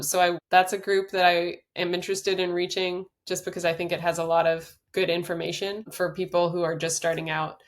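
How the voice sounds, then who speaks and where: Earnest middle-aged woman author, lower register; sincere, some restarts. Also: steady tone, normal speed, hardly any pauses. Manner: earnest, warm, many restarts and fillers. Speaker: author and guest. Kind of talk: podcast interview, reading from her book.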